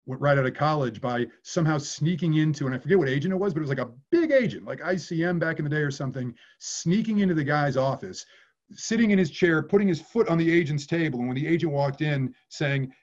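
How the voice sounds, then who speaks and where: A man's voice: on the high side, expressive, fast, darkish tone, muffled recording. A man working as an acting coach, answering viewer questions in a candid way and swearing casually.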